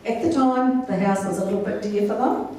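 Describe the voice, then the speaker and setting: A woman's voice: medium pitch, slight background noise. A woman giving a wedding speech about the couple, telling stories and laughing along. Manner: warm, measured storytelling with laughs. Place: wedding reception hall. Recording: echoey hall, distant mic.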